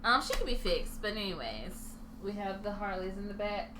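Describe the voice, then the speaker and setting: A woman's voice: mid-range voice, lively intonation, normal speed. A woman co-hosting a podcast in casual chat, playful and teasing and laughing often. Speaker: podcast co-host. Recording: echoey room with clear background noise.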